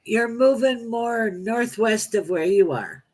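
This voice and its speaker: Female psychic guest, plain-spoken, halting with restarts. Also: a little high, animated, a little mellow. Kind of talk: casual live-stream chat.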